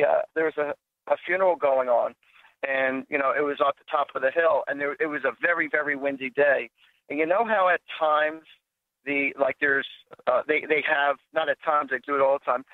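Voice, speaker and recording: A man's voice: medium pitch, dry recording. A man hosting a psychic call-in radio show, chatting casually and telling jokes in a rambling way. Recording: dry phone-like sound.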